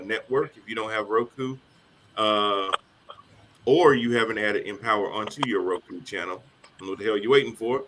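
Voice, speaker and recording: Bright-voiced, energetic male talk show host. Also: fairly low pitch, slight background noise. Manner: energetic, joking, casual. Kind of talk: live streamed talk show hosting.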